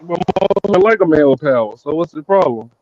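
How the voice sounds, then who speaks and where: A man's voice: fairly high pitch, lively intonation, fast, dry recording, dull audio. A man hosting a casual chat show, teasing and provoking his guests playfully. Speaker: host.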